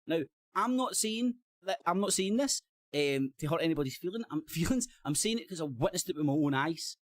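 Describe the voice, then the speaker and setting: A Scottish man holding forth on a live-stream panel, his voice pitched a little high for a man. He rambles, corrects himself mid-sentence, swears freely and laughs as he goes. The sound is dry and close, with no room around it. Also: animated, a little fast, no echo. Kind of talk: casual live-stream debate.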